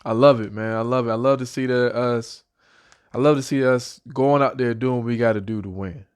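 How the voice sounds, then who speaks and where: Excited young man talking football. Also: mid-range voice, brisk, smooth. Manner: excited, repetitive, talks like a fan. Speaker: football fan vlogger. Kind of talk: casual sports prediction vlog.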